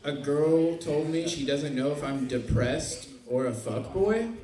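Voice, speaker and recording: A man's voice: fairly high pitch, animated, a little slow. Awkward self-deprecating comic in his twenties. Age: 20s. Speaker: stand-up comic. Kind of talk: stand-up comedy set. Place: comedy club stage. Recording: echoey club room with crowd.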